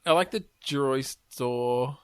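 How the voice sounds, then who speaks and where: A man's voice: medium pitch, a little slow, clear, resonant tone, no room sound. A man with a mid-range voice hosts a podcast, recorded dry and close. He keeps the brainstorm on track, asking questions and restarting his sentences as he thinks. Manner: steers the talk, asks questions, self-correcting restarts. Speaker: podcast host.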